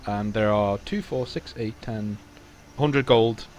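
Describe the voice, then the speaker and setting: A man's voice: lowish voice, slow, background noise. A man running a tabletop role-playing game as game master, narrating playfully with stammering restarts.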